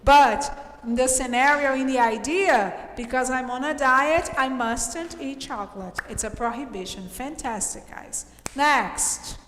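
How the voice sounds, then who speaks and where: A woman English teacher from Brazil reviewing a class quiz, explaining slowly and cheering her students on. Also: high-pitched, fairly bright tone, a little hiss or hum. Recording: echoey room with long reverb.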